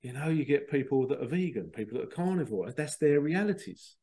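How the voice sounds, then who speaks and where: A man's voice: mid-range voice, expressive, fairly quick, mellow. A man hosting a podcast, talking in a rambling, digressive monologue and mocking other people in put-on voices. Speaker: podcast host. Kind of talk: casual spoken monologue.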